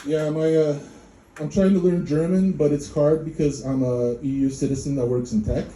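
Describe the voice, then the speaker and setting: Deadpan man from Poland doing stand-up. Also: fairly high pitch, moderate pace. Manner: deadpan, dark humor, jumps into mocking voices. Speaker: stand-up comedian. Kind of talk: stand-up comedy set. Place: comedy club before a live audience. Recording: echoey room with crowd laughter.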